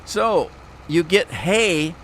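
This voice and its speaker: A man's voice: high-pitched, lively intonation, drawn-out words, fairly bright tone, slight background noise. A man streaming a farming game, chatting casually and telling rambling stories with chuckles. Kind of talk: casual gameplay commentary.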